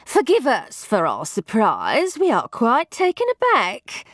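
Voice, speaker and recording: Prim housekeeper, played by a woman, high and halting, slow. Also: wildly swooping pitch, no echo, clean studio sound, heavily acted. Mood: flustered.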